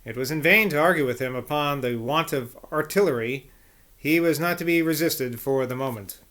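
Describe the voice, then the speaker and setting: A man's voice: fairly high pitch, moderate pace, a bit bright. A man narrating an audiobook of an old memoir, reading plainly with the odd casual aside and slip. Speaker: audiobook reader.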